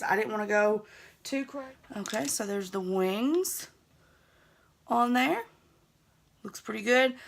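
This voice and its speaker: A woman's voice: a little high, creaky, a bit bright. A young woman with a Southern US accent, chatting easygoing and self-teasing as she narrates a makeup tutorial. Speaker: beauty vlogger.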